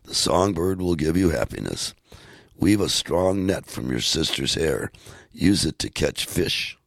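A man voicing a stern old grandfather, a former army officer, speaking slowly and firmly in a storybook reading. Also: very deep voice, animated, creaky, no echo, clean studio sound, exaggerated voice. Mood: instructing. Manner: slow, firm, commanding.

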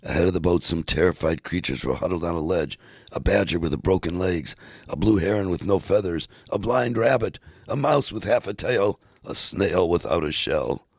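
A man reading a storybook aloud in a measured, steady way. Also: sits low, creaky, no echo, clean studio sound. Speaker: narrator.

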